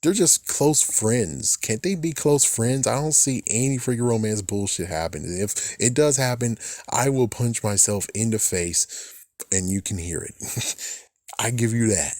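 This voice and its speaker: A man's voice: measured pace, darkish tone, no room sound, studio quality. A man giving a casual, ranting recap of a TV episode, often swearing and mocking the characters in a raised voice. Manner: mimics characters' lines in a higher voice. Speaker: fan reviewer.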